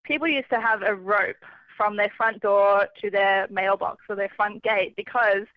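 A woman, calling in as a travelling correspondent for a casual radio chat. She is chatty and relaxed, laughs often and pokes fun at herself. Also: medium pitch, normal speed. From Australia. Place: calling in from far away. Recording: dull lo-fi phone line.

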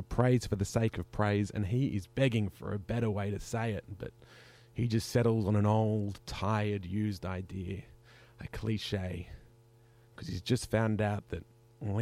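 A man's voice: lowish voice, a little mellow. A man in a radio studio doing a wry, theatrical spoken word piece. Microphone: studio microphone.

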